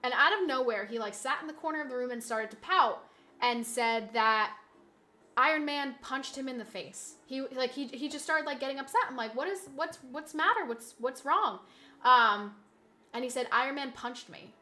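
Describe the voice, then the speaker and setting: At a normal speed, a woman live streaming from her home setup chats with viewers in a high voice above most. Her bright, forward tone comes through a desk mic as she rambles through stories, often beginning sentences again and repeating herself.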